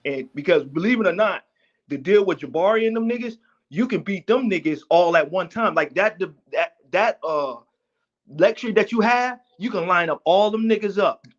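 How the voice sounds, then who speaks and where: A man's voice: high-pitched, animated, normal speed. A man, rambling in casual podcast chat and often groping for names. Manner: rambling, searching for words. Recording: dull lo-fi audio.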